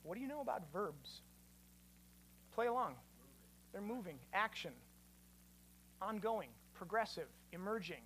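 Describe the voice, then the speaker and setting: A man, a pastor, giving an animated teaching sermon and quizzing his listeners. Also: high voice, measured pace, long pauses, a little hiss or hum.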